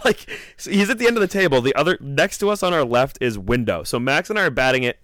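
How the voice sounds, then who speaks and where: A man's voice: mid-range voice, lively intonation, fast talker, a bit bright, no echo. A young man casually telling a story on a podcast, laughing often and swearing constantly.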